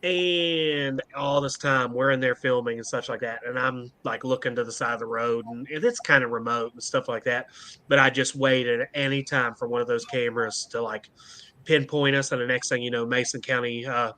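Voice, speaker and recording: A man's voice: medium pitch, fairly even intonation, normal speed, bright, forceful tone, no room sound. A man telling a story in casual chat on a paranormal show, rambling with loose fillers.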